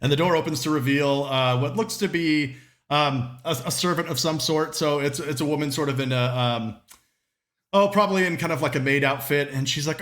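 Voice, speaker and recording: A man's voice: on the high side, a little fast, a bit bright. A man narrating a tabletop game as game master, casual and full of fillers.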